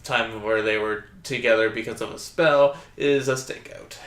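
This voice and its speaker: A man's voice: on the low side, steady tone, moderate pace, a bit bright, roomy sound. A man co-hosting a podcast, chatting casually with dry remarks. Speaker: podcast co-host.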